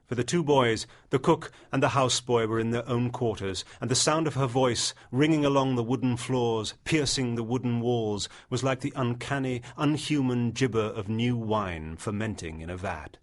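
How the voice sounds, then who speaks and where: A man reads a classic short story aloud at a measured pace. His voice sits at an ordinary middle pitch. He tells the tale with steady care. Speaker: audiobook narrator. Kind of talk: literary audiobook narration.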